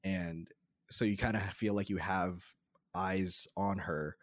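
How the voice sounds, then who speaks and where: A man's voice: low-pitched, fairly even intonation, slow, no echo, studio quality. A man co-hosting a podcast, talking casually about a film with lots of fillers and restarts. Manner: rambling, many fillers and restarts. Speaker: podcast co-host.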